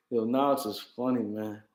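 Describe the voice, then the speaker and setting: A man's voice: medium pitch, darkish tone, reverberant, low-quality recording. A tired man hosting a casual livestream, rambling and repeating himself as he talks to his chat. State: tired, yawning. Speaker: livestream host.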